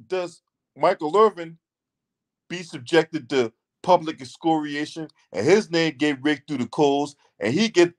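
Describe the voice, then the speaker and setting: A man delivers a heated commentary on his own channel in a high voice. His pitch swings widely as he presses his points. He swears freely and repeats lines for emphasis. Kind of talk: ranting commentary.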